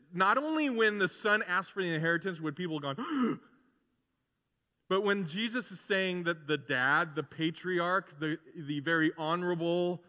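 Animated man preaching in a reverberant hall. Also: high voice. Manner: animated, acts out characters, conversational asides. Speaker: pastor. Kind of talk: sermon.

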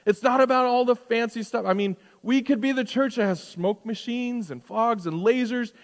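High-voiced pastor preaching in a reverberant hall. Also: male voice, normal speed. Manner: conversational preaching with rhetorical questions, swinging between loud and hushed. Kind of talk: sermon.

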